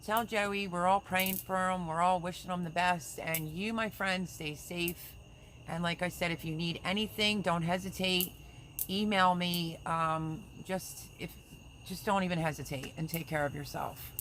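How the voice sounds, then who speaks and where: A woman with a slightly low voice hosts a relaxed livestream, chatting and reading viewer comments aloud. She sends prayers and well-wishes in a friendly, rambling way. Faint crickets chirp in the background. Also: unhurried, slight background noise. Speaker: livestream host. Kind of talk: casual live chat reading comments.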